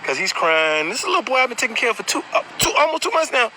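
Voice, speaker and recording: A man telling his own story in a blunt, animated way, swearing freely. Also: very high-pitched, rapid-fire, a little hiss or hum, poor audio. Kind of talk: casual storytelling.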